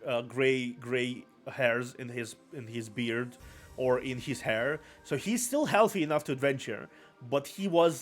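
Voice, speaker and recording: A man streaming live, giving casual, rambling commentary and often repeating his own phrases. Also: mid-range voice.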